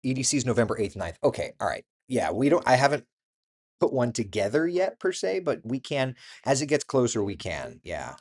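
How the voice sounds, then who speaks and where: A man's voice: medium pitch, sing-song, a little fast, a little mellow. A man hosting a casual morning chat, reading out and reacting to viewer comments by name, with laughs along the way. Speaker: host.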